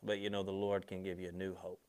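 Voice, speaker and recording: A man preaching a sermon in a conversational way, slowing and stressing key words, then dropping softly on asides to his listeners. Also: low voice, monotone. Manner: slows and swells on key words, drops soft on asides; conversational, speaks directly to listeners.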